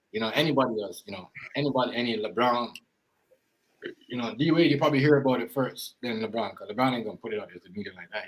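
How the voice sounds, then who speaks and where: A man's voice: mid-range voice, breathy edge, poor audio. A man hosting a podcast in casual chat, talking loosely and repeating his phrases. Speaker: podcast host.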